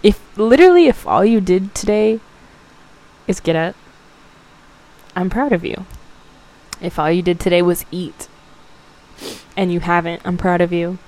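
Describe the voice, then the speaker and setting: A woman's voice: on the low side, fairly even intonation, measured pace, pauses often, darkish tone, poor audio. A young woman hosting a podcast, giving a casual motivational talk, emotional and close to tears, swearing and laughing as she goes. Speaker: podcast host.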